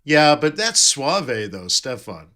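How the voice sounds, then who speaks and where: A man's voice: mid-range voice, sing-song, slow, pushed and bright. A man hosting a live trading stream, chatting casually and jokily with viewers while reading their comments. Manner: chatty, jokey, reads out chat and answers viewers.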